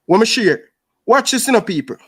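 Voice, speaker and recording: Hosting his YouTube show, a Jamaican-accented man vents in heated, casual talk, sounding aggrieved and saying "brother" over and over. His voice sits high, with lively intonation, a brisk pace, and a fairly bright, slightly rough tone. The recording is dry.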